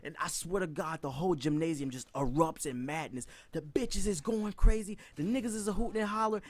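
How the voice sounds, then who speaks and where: Animated young man telling a profane story. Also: fairly high pitch, brisk. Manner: animated, profane, laughs often, acts out voices. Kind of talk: comedic storytelling.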